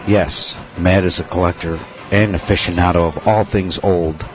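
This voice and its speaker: An actor playing a calm, solemn male polka mystic in a comedy radio play. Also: low voice, normal speed, natural voice. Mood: serene. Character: serene zen-spouting male polka mystic. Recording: slightly muffled recording.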